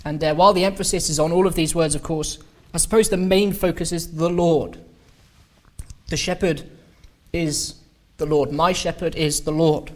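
Halting man giving a Bible talk. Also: on the high side, steady tone, darkish tone. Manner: unhurried, halting, with frequent restarts and drawn-out emphasis. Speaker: preacher. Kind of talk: sermon-style Bible study talk. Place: meeting hall.

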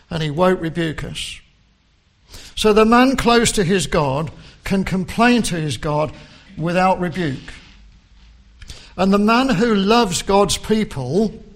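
Slow, high-voiced male preacher. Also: creaky. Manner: slow and deliberate, quoting scripture with rising emphasis. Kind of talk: sermon.

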